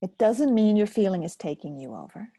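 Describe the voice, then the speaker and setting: Older woman webinar host; soft, reflective delivery, raspy with some fry. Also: mid-range voice, sing-song, no echo, clean studio sound. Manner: gentle, unhurried, reflective. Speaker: webinar host and focusing teacher. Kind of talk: live webinar, answering chat questions.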